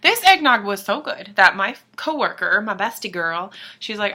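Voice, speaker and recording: A woman's voice: mid-range voice, lively intonation, fairly quick, few pauses, pushed and bright. A young woman vlogger chatting casually to camera, rambling and swearing, apologizing and dropping into asides. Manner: rambling, profane, self-deprecating, drops into whispers.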